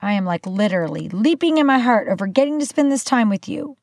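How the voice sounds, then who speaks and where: An older woman hosting her own podcast, bubbly and animated with playful asides, talking casually to the listener. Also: on the high side, fast, vocal fry. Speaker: podcast host. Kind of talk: casual solo podcast talk.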